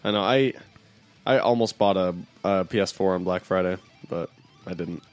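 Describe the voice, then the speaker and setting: A man co-hosting a casual podcast chat, enthusiastic and quick to laugh. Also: sits low, smooth, soft background music.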